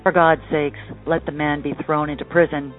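A frightened old miser wails and begs in a high, strained voice, put on by a male storyteller. The sound is thin and tinny, like a phone line, with faint music underneath. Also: flat delivery, moderate pace, natural voice. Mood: pleading. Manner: wailing, pleading.

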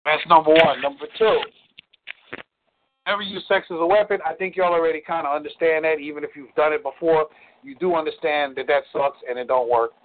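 A man's voice: fairly high pitch, fairly even intonation, fairly quick, a little hiss or hum. A man giving blunt relationship advice on a call-in show, preachy and repeating words for emphasis. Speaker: relationship coach. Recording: tinny phone-line sound.

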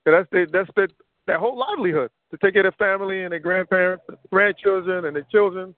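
Man, rambling caller, slightly high voice, dry, phone-line sound. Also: quick pace, dry recording. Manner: rambling, piles up examples. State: winded. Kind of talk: casual conversation.

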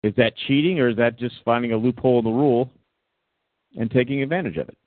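A man's voice: mid-range voice, quick pace, no room sound. A man hosts a casual sports talk show and rambles through his points with plenty of restarts. His voice comes across a dry, tinny, phone-like line. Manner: rambling, many restarts and fillers. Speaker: podcast host.

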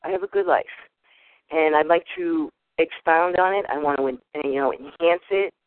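A woman's voice: sits low, normal speed, vocal fry, dry recording. Boston-accented woman in her fifties on a tinny phone line. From Boston area, USA. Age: 50s. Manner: animated storyteller who acts out voices. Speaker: caller on a group call. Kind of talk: casual personal introduction.

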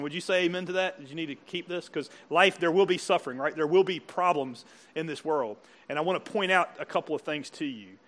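A man's voice: sits high, sharp tone. A pastor preaching a sermon to a church congregation, conversational and full of questions to his listeners. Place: church service before a congregation.

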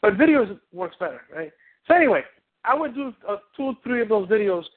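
A man coaching on a phone call, animated and rambling, acting out little scenes. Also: high voice, fairly quick. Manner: animated, rambling, acts out quotes. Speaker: relationship coach. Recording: tinny phone line.

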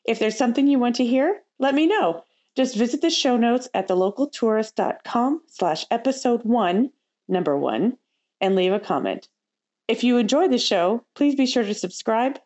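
Woman podcast host, casual scripted travel talk, middle-aged, bright upbeat delivery. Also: on the high side, lively intonation, moderate pace, dull audio. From United States.

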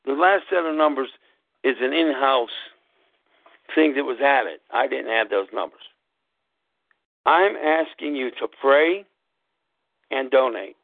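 A man hosting a show, telling a personal story in a slow, deliberate way and spelling things out letter by letter. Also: mid-range voice, dry recording. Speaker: podcast host. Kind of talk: casual storytelling monologue. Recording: tinny phone-like line, dry.

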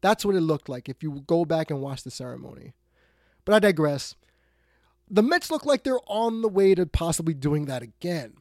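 A man hosting a sports talk radio show, ranting bluntly, swinging between loud outbursts and quiet muttered asides. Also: a little high, big pitch swings, normal speed, dry recording, studio quality.

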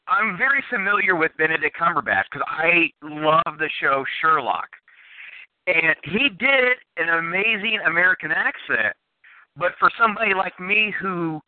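A man with a high-sitting voice chats enthusiastically as a podcast guest, rambling and restarting his sentences in casual talk. The recording is dry, with a narrow, phone-like sound.

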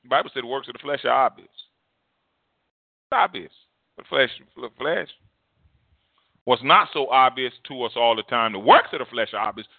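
A man's voice: mid-range voice, dry recording. A male pastor preaching a sermon in an impassioned, emphatic way, repeating phrases for effect, heard over a tinny phone-like line.

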